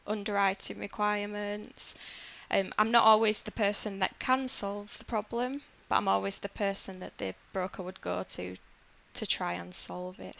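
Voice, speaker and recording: Yorkshire woman guest, bright edge, bit of fry, plain practical explainer. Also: medium pitch. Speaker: business development manager, guest. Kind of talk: podcast interview answers.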